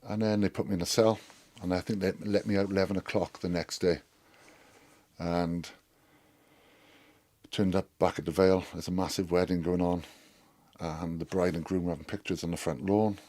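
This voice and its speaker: A man's voice: low voice, level tone, normal speed, darkish tone, no room sound. A Welsh man, a former rugby player, telling a rambling anecdote, swearing and acting out what others said. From Wales. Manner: rambling, profane, acts out others' lines. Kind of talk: storytelling anecdote.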